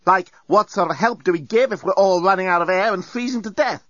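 A man reading a storybook aloud, voicing a sharp-tongued young woman who speaks in an indignant, snappy way. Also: sits high, a little fast, no echo, voice pushed up. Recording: dull lo-fi dry recording.

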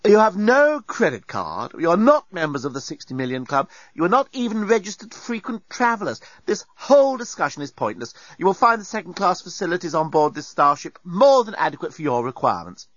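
Man doing a condescending male deskbot, high, lively, lo-fi. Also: moderate pace, no echo. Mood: snotty. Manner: condescending, clipped. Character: snotty insolent deskbot robot, male. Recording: dull lo-fi dry recording.

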